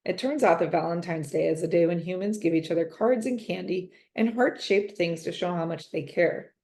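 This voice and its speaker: Woman, storybook read-aloud, gentle and expressive, slightly low voice. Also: normal speed. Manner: gentle expressive first-person reading. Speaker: reader.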